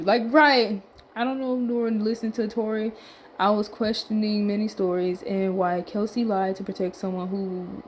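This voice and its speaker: A woman of middling pitch reads tweets aloud for her vlog and comments between them. She talks loosely, trailing off, muttering and swearing under her breath, and sounds a little winded. A faint background hiss sits under her voice. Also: a little mellow, rough recording. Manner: laid-back, muttering asides and swear words, trailing off. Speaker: vlogger reading tweets aloud. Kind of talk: casual commentary reading tweets.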